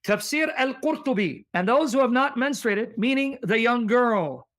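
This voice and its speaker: A man with a high-pitched voice hosts a heated debate livestream. He reads passages aloud forcefully, combative and insistent, pressing his guest with questions. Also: normal speed. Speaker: livestream host.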